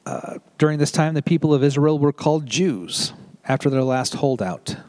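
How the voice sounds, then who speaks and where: A middle-aged man giving a casual sermon, talking in a chatty, joking way with quick asides. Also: a little high, expressive, a little mellow. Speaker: preacher.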